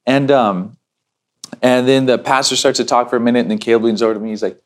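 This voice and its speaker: A man in ministry telling a story in casual talk, animated and full of restarts. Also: fast. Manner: animated, many restarts, acts out quotes in a higher voice.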